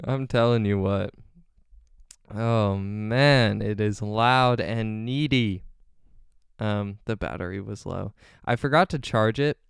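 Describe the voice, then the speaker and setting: A man's voice: medium pitch, clean tone, dry recording, clean studio sound. A young man hosting his own podcast, chatting casually and rambling off on side stories with lots of ums. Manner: rambling, easily sidetracked, frequent ums. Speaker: podcast host. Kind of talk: casual solo podcast chat.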